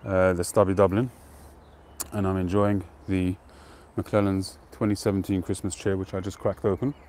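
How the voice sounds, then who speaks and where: A man hosting a live stream outdoors, chatting to viewers in a relaxed, rambling way and greeting them by name. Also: low voice, moderate pace, a little hiss or hum. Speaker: pipe-smoking livestream host. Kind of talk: casual live-stream chat.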